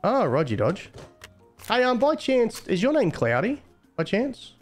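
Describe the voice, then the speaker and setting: A man's voice: very high-pitched, huge pitch swings, unhurried, soft background music. A young man admin on a game live stream, casually teasing and mocking players he catches cheating.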